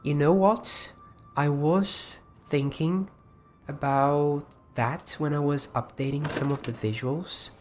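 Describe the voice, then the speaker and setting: A man's voice: a little high, fairly even intonation, takes it slowly, faint music behind. A man hosting a casual livestream, chatting loosely with frequent restarts while walking viewers through his creation. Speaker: livestream host.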